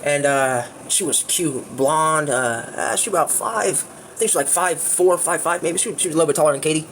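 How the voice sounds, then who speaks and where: A man's voice: a little high, a little fast, fairly bright tone, a little hiss or hum. A man telling a crude, rambling story in casual livestream chat, full of fillers.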